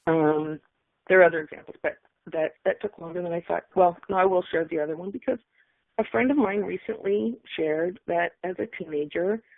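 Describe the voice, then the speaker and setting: A woman's voice: lowish voice, gravelly, no echo. Emotional middle-aged woman on a tinny phone line. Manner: emotional, halting, many fillers. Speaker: webinar speaker. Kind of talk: personal account on a call.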